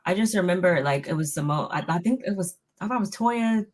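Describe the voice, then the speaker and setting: Low-voiced woman chatting casually. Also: animated, brisk, darkish tone. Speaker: co-host. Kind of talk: casual reality TV recap chat.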